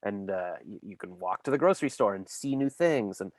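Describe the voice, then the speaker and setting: A man's voice: on the low side, animated, fairly quick, dry recording. A man hosting a casual interview podcast, telling long rambling stories full of fillers and restarts. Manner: rambling storyteller, many fillers. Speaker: podcast host.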